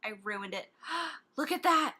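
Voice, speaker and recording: Woman, beauty vlogger, gushing and excitable, bright crisp tone, slightly high voice. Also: a little slow. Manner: gushing, excitable, breathy gasps. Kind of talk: casual makeup swatching vlog.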